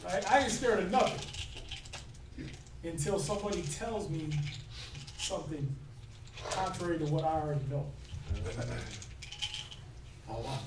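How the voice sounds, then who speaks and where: A man with a voice on the high side teaches a scripture class in an informal, sermon-like style, talking conversationally and often checking in with "right?". He speaks at a measured pace with long pauses, recorded from far off in an echoey room with background noise.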